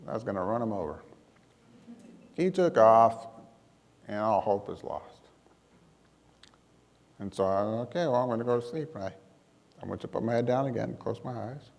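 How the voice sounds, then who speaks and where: A man giving a talk, telling a personal story to an audience in a lively, self-deprecating way with comic timing. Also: on the low side, moderate pace, vocal fry, long pauses, long reverb tail. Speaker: emergency manager giving a talk.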